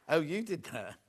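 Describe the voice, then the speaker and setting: A man's voice: fairly high pitch, husky. A man presenting a live home shopping show in a TV studio, chatting and gushing over the products.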